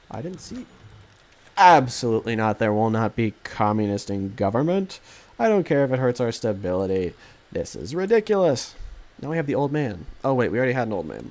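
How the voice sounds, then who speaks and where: A man's voice: medium pitch, a little mellow. A man streaming a strategy game live, commentating casually in a rambling, jokey way that keeps correcting itself.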